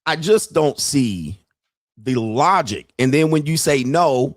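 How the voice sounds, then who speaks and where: A man hosting a podcast, telling a story in a profane, animated way with frequent laughter. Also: on the high side, measured pace, no room sound, studio quality. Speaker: podcast host. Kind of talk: casual monologue.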